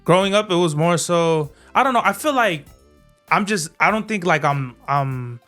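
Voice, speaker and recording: A young man with a fairly high, smooth and resonant voice, chatting as a podcast guest. He speaks in a loose, slangy way, often restarting his sentences, with quiet music beneath. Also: animated, normal speed. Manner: laid-back, slangy, hesitant restarts. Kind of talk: casual chat.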